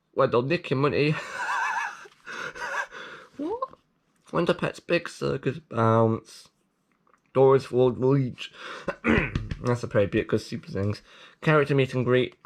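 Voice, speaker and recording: A man hosting a video, reading a leaflet aloud with jokey commentary, playful and prone to sudden excited outbursts. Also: medium pitch, vocal fry. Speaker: video host.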